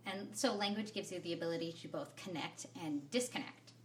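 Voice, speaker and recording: A woman's voice: on the low side, fairly quick, a little hiss or hum. A woman co-hosting a podcast, chatting casually with playful, jokey asides. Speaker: podcast co-host. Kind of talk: casual chat.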